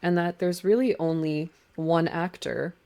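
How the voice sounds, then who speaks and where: Woman, deep voice, measured, precise, author explaining her argument. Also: dark tone. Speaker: guest, book author on marine law.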